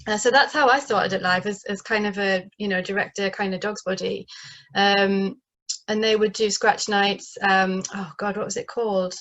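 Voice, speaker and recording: At medium pitch and a moderate pace, a northeast English playwright speaks with fairly even intonation and a slightly bright tone. She's chatting casually in an interview over a video call, using her northeast English accent, plenty of fillers and frequent restarts.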